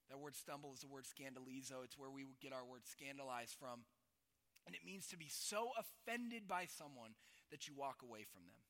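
A young adult man preaching a sermon, conversational with frequent asides, building from quiet reflection to a loud climax. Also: mid-range voice, animated, moderate pace. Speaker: pastor. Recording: long hall reverb.

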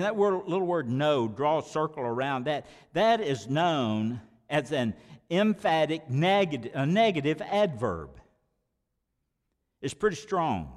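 Emphatic preaching man in a reverberant hall. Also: a little high. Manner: emphatic preaching with repeated words and sharp swings in volume. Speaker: pastor. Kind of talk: sermon.

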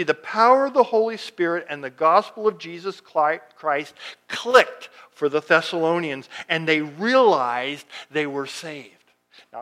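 A man preaching a sermon as pastor, reading scripture slowly and swinging from loud emphatic lines to hushed ones. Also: fairly high pitch.

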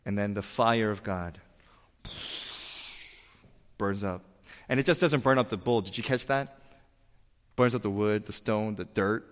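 A man preaching a sermon as pastor, telling a Bible story with animated voices for its figures. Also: lowish voice, measured pace, pauses often, in a large hall.

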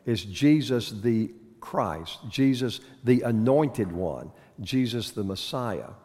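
A man's voice: mid-range voice, expressive, takes it slowly, darkish tone. A man teaching a Bible lesson in a conversational way, asking his listeners questions and slipping in corny puns. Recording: long reverb of a hall.

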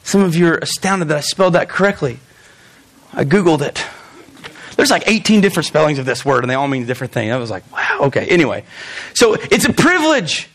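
A young man preaching with a high-pitched voice. He swings between loud, quick bursts and slow, drawn-out stretches, throws in jokes, and speaks straight to the congregation. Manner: animated, joking asides, talks straight to the congregation. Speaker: pastor. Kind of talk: sermon.

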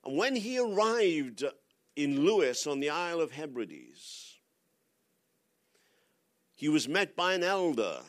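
A man's voice: on the high side, very animated, slow, pauses often. An older man preaching a sermon as a guest speaker, pressing his listeners with repeated rhetorical questions.

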